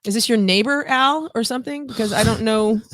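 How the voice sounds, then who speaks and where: A woman's voice: on the high side, a bit bright, no room sound, studio quality. A woman co-hosting a podcast, chatting casually in a blunt, teasing manner that often tips into rants. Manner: blunt, teasing and quick to rant. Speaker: podcast co-host. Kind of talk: casual chat.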